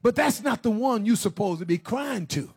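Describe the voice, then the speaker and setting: A man preaching a sermon, questioning his listeners directly and swinging from low, slow passages into shouted, sing-song preaching. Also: lively intonation, breathy edge. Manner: addresses the congregation with direct questions.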